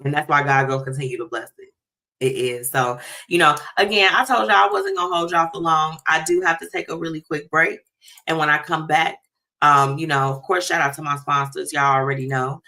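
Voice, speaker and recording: A woman's voice: sits low, brisk, sharp tone. A woman hosting a talk show, chatting casually and animatedly straight to her listeners.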